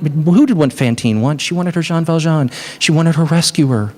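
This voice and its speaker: A man preaching an Easter sermon as a pastor, telling stories in a conversational, animated way with building emphasis. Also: a little high, quick pace, few pauses.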